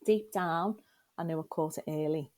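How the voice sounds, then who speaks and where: A woman's voice: low voice, moderate pace, a little mellow, no room sound. A middle-aged woman frankly and emotionally telling her personal story as a podcast guest, often turning to the listener with questions.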